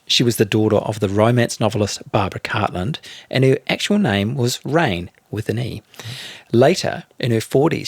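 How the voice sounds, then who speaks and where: A middle-aged man, co-hosting a storytelling podcast. His voice carries a gravelly fry, and his pitch moves in a lively, animated way. He delights in odd facts, close on a dry mic. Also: no echo. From New Zealand. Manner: playful, relishes odd facts. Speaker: podcast co-host.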